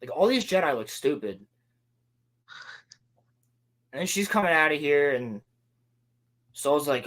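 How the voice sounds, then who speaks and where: A man co-hosting a casual podcast, recapping a show sarcastically and mocking the characters in quick put-on lines. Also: fairly high pitch, big pitch swings, a bit bright. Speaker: podcast co-host.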